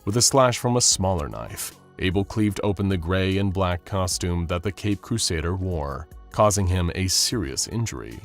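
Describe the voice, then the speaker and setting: Man, low deep voice, scripted story narration, steady and dramatic, faint music underneath. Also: normal speed, few pauses.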